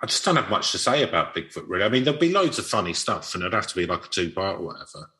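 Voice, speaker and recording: A man co-hosting a podcast, trading quick jokes and laughing often in casual chat. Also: sits low, big pitch swings, pushed and bright. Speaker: podcast co-host.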